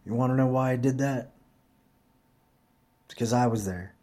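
A man's voice: medium pitch, normal speed, warm tone. A man telling his viewers a personal story in a rambling, profane, plainspoken way, tired at the end of a long day. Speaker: vlogger. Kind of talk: casual storytelling monologue.

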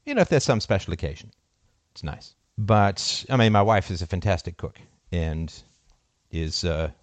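A middle-aged man hosting a call-in show, speaking emphatically in an impassioned monologue, jumping from loud peaks to low muttered asides. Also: animated, normal speed, dry recording.

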